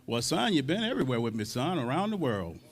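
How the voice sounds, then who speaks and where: A man doing a soft-spoken older bandleader scolding his drummer. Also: medium pitch, very animated. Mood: gently scolding. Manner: slow, soft, fatherly, calls him son.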